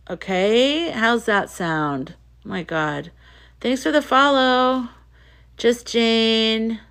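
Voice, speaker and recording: This livestream host has a medium-pitched voice that's gravelly and slightly bright. She chats casually, reading viewer comments with emphasis and often saying things twice.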